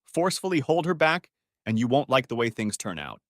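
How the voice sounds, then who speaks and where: A man's voice: medium pitch, big pitch swings, a little fast, no room sound, clean studio sound, lightly acted. A man voicing a remorseful middle-aged wife who sobs and pleads as she talks. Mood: pleading. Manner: tearful, pleading, whimpering.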